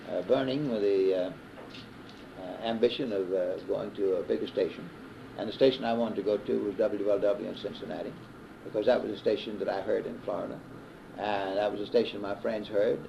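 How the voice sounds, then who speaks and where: A man in his fifties with a Southern US accent, a sports broadcaster telling stories in an unhurried interview with many pauses and restarts. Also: lowish voice, vocal fry, noisy background. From American South. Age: 50s. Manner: unhurried storyteller with frequent "uh" restarts. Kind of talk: reminiscing interview. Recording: dull 1960s reel-to-reel tape.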